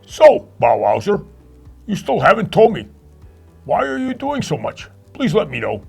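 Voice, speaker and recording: Brief: man as a doting puppet dad, high, gravelly and animated, light music under. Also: moderate pace. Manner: warm, storytelling. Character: doting puppet dad, talks fondly of his old village. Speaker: puppeteer and narrator. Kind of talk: kids' puppet show.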